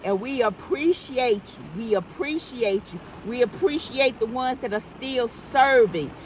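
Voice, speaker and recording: A woman's voice: on the high side, animated, a little slow, a little hiss or hum, rough recording. A middle-aged woman vlogging from inside her car, talking emphatically and repeating herself for effect. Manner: emphatic, repetitive, preachy. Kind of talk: casual car rant to camera. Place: inside a parked car in heavy rain.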